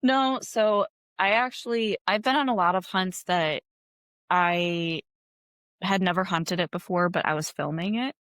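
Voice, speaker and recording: A woman's voice: fairly low pitch, unhurried, fairly bright tone, dry recording. A woman from Wisconsin in her thirties, a guest chatting casually in an interview, laid-back and full of "like" fillers.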